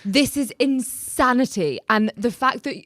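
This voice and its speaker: A woman's voice: fairly high pitch, animated, a little slow, fairly bright tone, no room sound, clean studio sound. A woman with a British accent hosting a casual podcast, reacting with disbelief and repeating words for emphasis. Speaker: podcast host.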